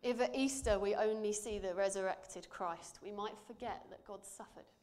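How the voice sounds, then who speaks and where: A woman delivers a church sermon, reading scripture with a medium pitch and steady tone. She sounds earnest and measured, and her voice falls softly for emphasis.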